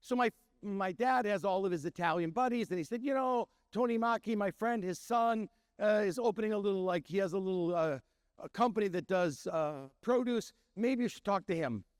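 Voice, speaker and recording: His voice sits high, clear and resonant, moving fairly quickly in an echo-free studio recording. This middle-aged restaurant owner and chef from Milwaukee, Wisconsin, entertains an audience with lively tales, imitating the people he quotes.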